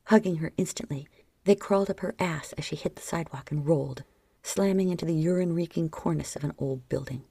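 A woman reading an erotic story aloud as audiobook narration, often sinking into a soft whisper. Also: low voice, brisk, creaky, breathy edge, no room sound. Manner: soft, frequently dropping into whispers.

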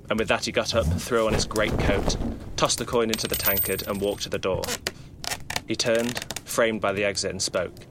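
Low-voiced man narrating a spooky tale. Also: fairly even intonation, moderate pace, noisy background. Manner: dramatic, rhythmic storytelling. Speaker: podcast storyteller.

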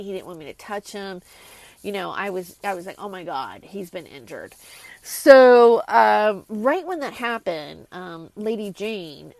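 Rambling woman with a gravelly voice. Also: mid-range voice, no echo, rough recording. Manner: rambling, with many restarts and asides. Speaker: channel host. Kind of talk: casual monologue to camera.

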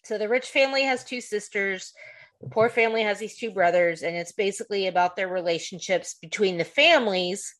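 A woman co-hosts a podcast in a loose, chatty way. She rambles on, packing her talk with fillers as she goes, in a voice of ordinary pitch. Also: brisk. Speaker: podcast co-host. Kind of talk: casual chat.

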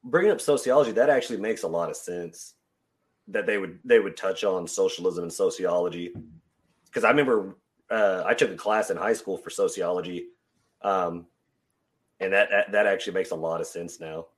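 A man's voice: sits low, normal speed, husky. A man co-hosting a casual podcast chat, joking along in an easygoing way. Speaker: podcast co-host.

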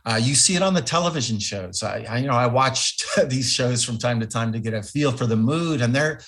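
A man's voice: medium pitch, a little fast, a bit bright. A middle-aged man, a former ambassador, answering radio interview questions in a thoughtful, emphatic way. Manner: thoughtful, emphatic, with fillers and restarts.

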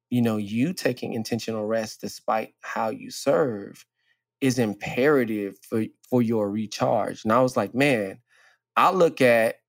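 Animated man telling a candid story. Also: mid-range voice, no echo. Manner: animated storyteller, laughs often, voice jumps up when quoting. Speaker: podcast co-host. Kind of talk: candid casual conversation.

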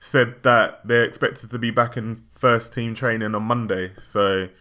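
A man's voice: medium pitch, fairly even intonation, a little slow, pushed and bright. A man on a casual football podcast panel, giving news in a matter-of-fact way.

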